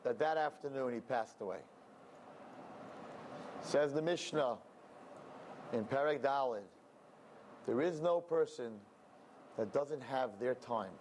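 A man preaching by telling a story, animated and acting out the characters' voices. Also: medium pitch, takes it slowly, long pauses, slight background noise. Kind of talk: sermon storytelling.

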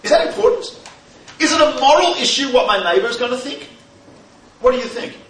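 Brief: male lecturer, very high, bright voice, animated with rhetorical questions, recorded from far off in an echoey hall. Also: fairly quick. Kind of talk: humorous lecture to a live audience. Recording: echoey hall, distant mic, faint noise.

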